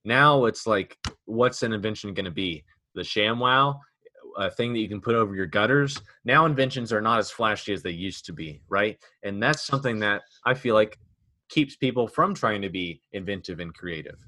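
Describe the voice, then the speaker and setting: A man's voice: fairly low pitch, animated, moderate pace, bright, forceful tone, a little hiss or hum. A man hosting a casual podcast chat, joking and rambling with many restarts. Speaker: podcast host.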